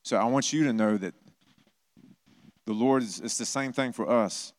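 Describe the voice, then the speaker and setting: A man's voice: mid-range voice, moderate pace, dry recording. A middle-aged man preaching a sermon in a conversational way, acting out quoted voices with touches of humor. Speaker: pastor.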